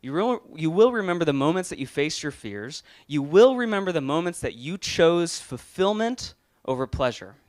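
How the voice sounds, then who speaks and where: A man's voice: a little high, very animated, moderate pace, few pauses. A young adult man giving an earnest motivational talk, often restarting his words and growing emotional. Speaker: motivational speaker.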